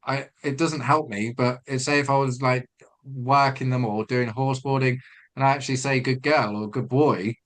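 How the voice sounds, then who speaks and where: A man's voice: mid-range voice, a bit bright. A man co-hosting a webinar, giving riding advice over a video call and thinking aloud with many restarts. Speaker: retraining coach and webinar co-host. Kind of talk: casual instructional chat.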